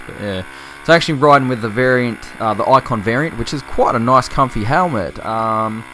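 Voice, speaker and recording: A man's voice: lowish voice, a bit bright, slight background noise. An Australian man chatting casually in a rambling, laughing vlog while riding a motorbike, recorded on a chest-mounted camera. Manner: rambling, laughing, swearing freely. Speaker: motovlogger. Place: outdoors on a motorbike.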